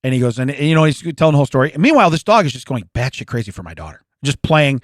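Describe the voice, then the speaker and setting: A man's voice: mid-range voice, big pitch swings, rapid-fire, no echo, studio quality. A man in his forties, a podcast co-host, telling stories in casual chat, laughing often and acting out the quotes.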